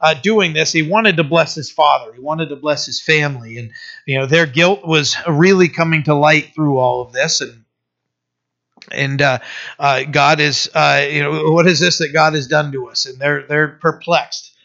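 Male pastor, conversational sermon; bright, slightly high voice; dull lo-fi recording. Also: normal speed, creaky. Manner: conversational, many fillers, asks listeners "right?". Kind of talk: sermon reading and explaining scripture.

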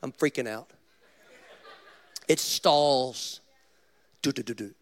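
A man, a pastor, preaching a sermon with animated storytelling and direct questions to the congregation. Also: mid-range voice, takes it slowly.

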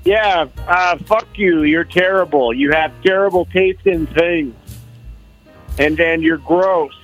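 A man calling into a comedy stream, delivering mock insults deadpan and acting faux-offended. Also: on the high side, takes it slowly, soft background music. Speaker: caller. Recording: muffled call audio.

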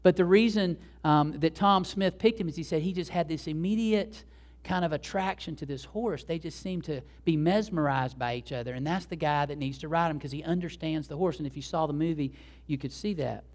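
A man's voice: a little high, a little fast, a little mellow. A male pastor giving a sermon, telling a story in a conversational way with asides to the congregation.

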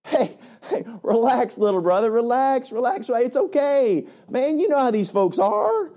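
A man's voice: very high-pitched, animated, moderate pace, dark tone, pitched above the performer's own voice. A man voicing Aaron as a jumpy brother who brushes off a grave wrong with breezy slang. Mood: placating. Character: nervous Aaron, man making excuses to his brother.

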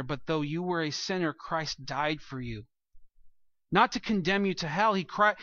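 A man preaches a sermon to his congregation, his bright, slightly high voice earnest and climbing to emphatic peaks. The sound is close and dry, with a slightly dull, muffled tone. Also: no room sound. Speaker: pastor. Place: church room with a congregation.

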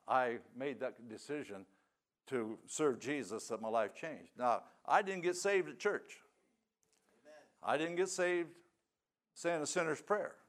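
An older man giving a sermon testimony, telling his story in a folksy, plain-spoken way. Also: mid-range voice. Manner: folksy storytelling with rural grammar.

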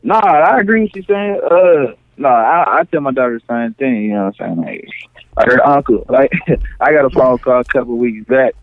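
A man's voice: mid-range voice, lively intonation, moderate pace, no echo. A man in casual chat about his kids, rambling and restarting his sentences. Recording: dry tinny phone-like sound.

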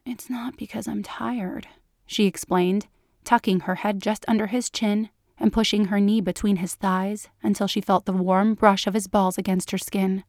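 A woman narrating a written story in a slow, measured reading. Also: mid-range voice, level tone, darkish tone, no echo, studio quality.

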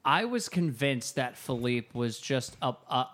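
A man co-hosting a casual podcast about a movie, animated and acting out quoted lines. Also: medium pitch, unhurried. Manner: animated, acts out lines from the film. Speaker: podcast co-host. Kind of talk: casual chat reviewing a movie.

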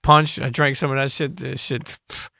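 A man's voice: medium pitch, level tone, normal speed, gravelly, pushed and bright, no room sound, studio quality. A man hosting a podcast interview, telling loose stories full of slang and profanity. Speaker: podcast host. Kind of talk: casual interview chat.

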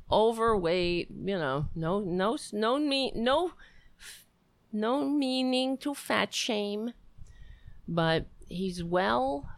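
A woman giving casual political commentary, sarcastic and mocking, now and then putting on high voices to mimic others. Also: no echo.

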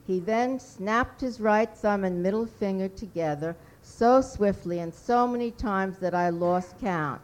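A woman reading her own fiction aloud at a writers' workshop, measured and deliberate. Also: mid-range voice, darkish tone, low-quality recording.

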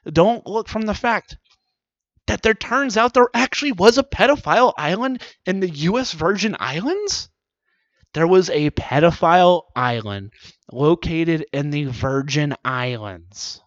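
A man's voice: on the high side, lively intonation, measured pace, no room sound. A man delivering a profane comedic rant with mocking asides, swearing often. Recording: dull lo-fi dry recording.

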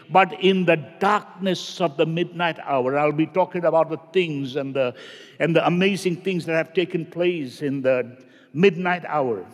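A male pastor preaching a sermon, swinging between shouted lines and low hushed ones. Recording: long reverb of a large hall.

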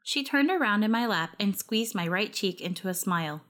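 A woman narrating a first-person story in a wry, lively storytelling manner. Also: medium pitch, moderate pace.

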